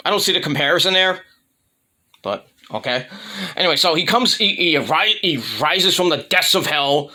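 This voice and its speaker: A man's voice: fairly high pitch, expressive, moderate pace, sharp tone. A man giving a casual, rambling solo review rant about wrestling, full of fillers and restarts, blunt and irreverent.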